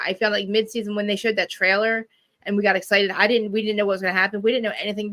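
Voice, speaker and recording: A young woman co-hosting a casual chat, animated, swearing and acting out quotes. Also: mid-range voice. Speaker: podcast co-host.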